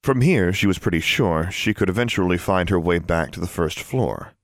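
A man reading a story aloud in an even, measured narrating manner. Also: deep voice, no room sound, studio quality. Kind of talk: scripted audiobook narration.

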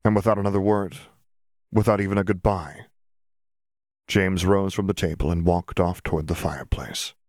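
A man reading a story aloud as narrator in a steady, deliberate way. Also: low voice, no room sound, clean studio sound.

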